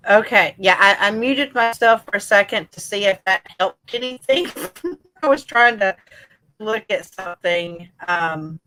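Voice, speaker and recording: Slow, bright woman on glitchy audio. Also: medium pitch, lively intonation, low-quality recording. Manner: apologetic, flustered about her connection. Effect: glitchy robotic internet audio. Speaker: live stream co-host. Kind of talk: casual live stream chat.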